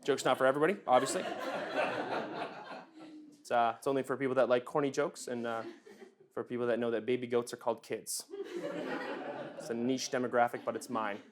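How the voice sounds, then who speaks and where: A man's voice: mid-range voice, level tone, brisk, long pauses, noisy background. A young man doing a stand-up comedy set with a dry, self-deprecating delivery.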